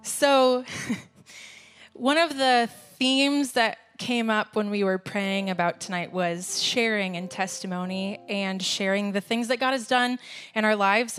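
A woman leading a church service, talking casually and laughing at herself. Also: mid-range voice. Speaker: worship leader. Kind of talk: sermon with casual asides.

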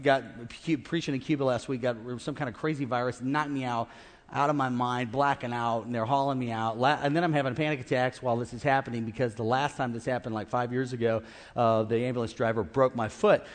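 A middle-aged man preaching a sermon as pastor, animated and calling out to his congregation. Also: mid-range voice, fairly quick. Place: large church auditorium. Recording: reverberant church hall.

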